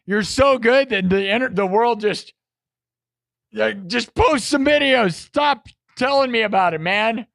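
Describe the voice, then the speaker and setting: A man's voice: very high voice, unhurried, vocal fry, fairly bright tone, no room sound. Brief: teasing male stream host, ranting, dry close sound. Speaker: livestream host and musician. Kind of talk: casual livestream chat.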